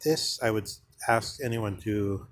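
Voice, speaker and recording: A man giving a slow, halting philosophical monologue, full of pauses and fillers. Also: on the low side. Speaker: speaker on philosophy.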